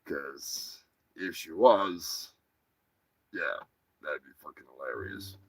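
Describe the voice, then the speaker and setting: A man hosting a live comedy stream, rambling and excitable and swearing freely. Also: extremely low pitch, slow pace, breathy edge, dry recording. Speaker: host. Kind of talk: casual live-stream chat.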